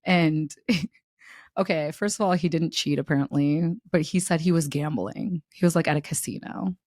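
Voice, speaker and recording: A woman's voice: low voice, moderate pace, no echo, clean studio sound. Candid young woman telling a dating story. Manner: animated, candid, laughs through the story, swears freely. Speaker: podcast co-host. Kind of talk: casual podcast chat, storytelling.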